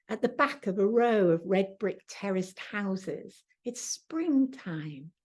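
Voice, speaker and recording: A middle-aged woman, an astrology teacher, telling a personal story with vivid sensory detail and soft asides. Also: a little high, husky.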